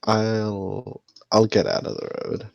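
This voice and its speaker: A man speaking as a tabletop player in a laid-back, unhurried way. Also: lowish voice, creaky, darkish tone, no room sound, highs cut off. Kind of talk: casual tabletop play.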